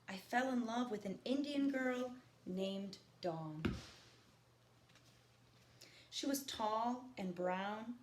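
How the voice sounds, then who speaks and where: A woman teacher reading a novel aloud to her students, stopping for quiet teaching asides. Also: on the high side. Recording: echoey room with faint background noise.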